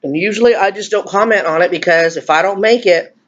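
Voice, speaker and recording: A woman's voice: mid-range voice, a little fast, highs cut off. A woman, chatting casually and emotionally in a rambling, confiding vlog while eating. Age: 50s. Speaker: vlogger.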